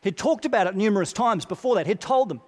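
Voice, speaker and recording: Earnest preacher guy, kinda high voice, slow repeated phrases, big echoey church hall. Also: expressive, darkish tone. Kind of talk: sermon. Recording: long reverb of a large hall.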